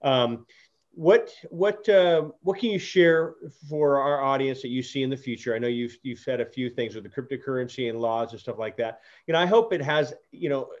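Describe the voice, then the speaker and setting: A man's voice: medium pitch, a little mellow, muffled recording. A man hosting an interview, telling a long personal story in a casual, earnest way with frequent restarts and fillers. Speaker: podcast host.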